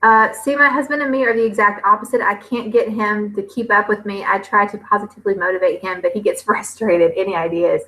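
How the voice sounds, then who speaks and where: A woman, chatting casually on a livestream and reading viewers' comments aloud, with lots of fillers and pauses. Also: mid-range voice, fairly even intonation, bright, forceful tone, poor audio. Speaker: homestead vlogger hosting a livestream.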